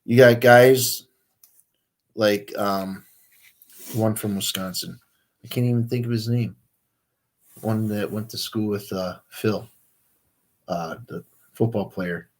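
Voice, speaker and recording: Slow, low-voiced man chatting on a livestream. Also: steady tone. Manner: rambling, easygoing, many fillers. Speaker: outdoors livestream host. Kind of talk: casual livestream chat.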